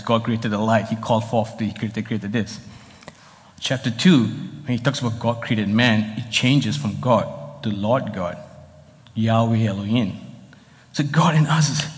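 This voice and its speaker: A man pastor preaching a sermon in a conversational, explanatory way, heard in a church hall. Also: mid-range voice. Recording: long reverb of a hall.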